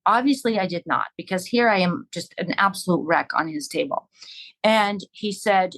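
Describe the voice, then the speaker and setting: A woman's voice: lowish voice, moderate pace, fairly bright tone, rough recording. A woman talking earnestly and reflectively in a casual podcast conversation.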